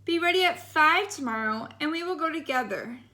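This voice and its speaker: A sly, hungry big bad wolf from a storybook, put on by a woman reading aloud. He growls his threats and coaxes in a bright, high voice. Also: expressive, brisk. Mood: sweet coaxing. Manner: growling threats, sugary coaxing.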